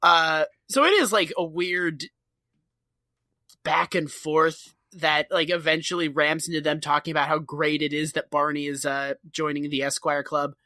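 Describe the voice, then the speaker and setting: Co-host, male, bright and very expressive, cursing casually, dry close mic. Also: a little high, normal speed, dry recording. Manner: animated, profane, acts out characters. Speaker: podcast co-host. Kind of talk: casual chat recapping a sitcom episode.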